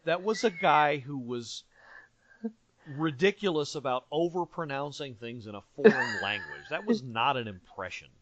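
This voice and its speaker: A man's voice: a little high, very animated, normal speed, crowd noise. A man hosting a casual sports podcast, joking and rambling with lots of fillers. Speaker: podcast host. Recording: dull lo-fi sound.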